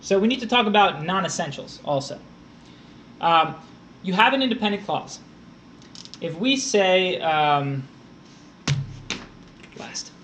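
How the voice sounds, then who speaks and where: Slow, animated, and a bit bright, a high-pitched male test prep tutor teaches grammar on a live stream with long pauses. He takes punctuation rules step by step and breaks away to reply to his chat viewers, a faint hiss running under his voice.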